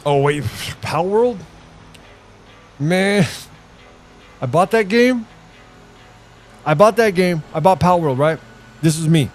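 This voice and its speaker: Over faint background music, a middle-aged gaming streamer speaks in a higher voice, slowly and with frequent pauses. His live gameplay commentary is casual, profane and rambling, told like an animated story.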